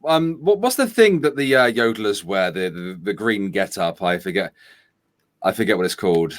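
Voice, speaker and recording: A man's voice: on the low side, expressive, moderate pace. A man joins a casual stream chat, teasing the host in a playful way and using slang.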